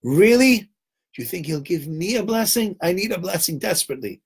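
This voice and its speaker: A man putting on an exasperated taxi driver, his voice jumping high and a little husky as he protests in disbelief. The man sounds bewildered and put upon. The delivery is lively and pleading. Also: fast talker, full character voice. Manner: incredulous, protesting.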